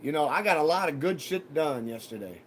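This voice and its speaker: A male streamer talks casually to his chat, rambling and swearing, swinging between easy talk and mock threats. His voice sits a little high for a man. A faint hiss runs under the recording. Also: animated, fairly quick. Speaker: livestream host.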